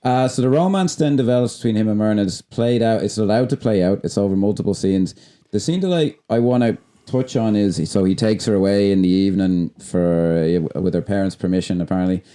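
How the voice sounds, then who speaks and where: A man's voice: lowish voice, a little fast, dark tone. A man, co-hosting a podcast and talking casually about films, enthusiastic and rambling, with frequent restarts and swearing. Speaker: podcast co-host. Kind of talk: casual film chat.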